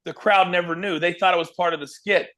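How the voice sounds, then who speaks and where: This former wrestling announcer from Kansas talks fast in a high-pitched voice. Appearing as a guest in a casual interview, he tells stories and acts out the quotes energetically.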